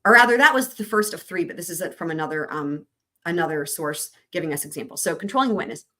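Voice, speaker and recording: A woman's voice: on the low side, expressive, fast talker, pushed and bright. Chatty woman reading legal notes aloud. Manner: reads legal text aloud, then breaks off to chat and answer viewer comments. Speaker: livestream host reading trial commentary. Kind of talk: casual explanatory livestream.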